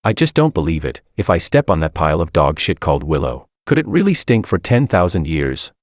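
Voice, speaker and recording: A man's voice: low-pitched, sing-song, fairly quick, no echo, studio quality. A man playing a pushy, joking young male friend in an audio story.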